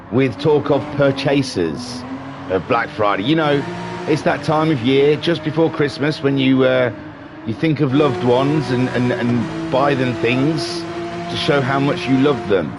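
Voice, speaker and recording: A man doing live commentary for a sim racing league stream, chatty and rambling, with self-deprecating asides. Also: medium pitch. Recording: music playing behind voice. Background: music.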